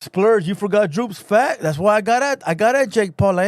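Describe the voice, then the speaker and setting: Profane, high-voiced hype host. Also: male voice, animated, moderate pace, no echo, clean studio sound. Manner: profane, slangy, hype street talk with shout-outs. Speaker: podcast host. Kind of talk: casual livestream podcast talk.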